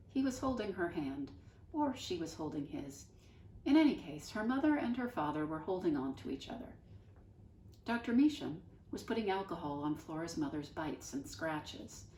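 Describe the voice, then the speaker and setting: Brief: low, mellow woman reading a storybook aloud, roomy sound from a distance. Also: slight background noise. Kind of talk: reading a children's novel aloud.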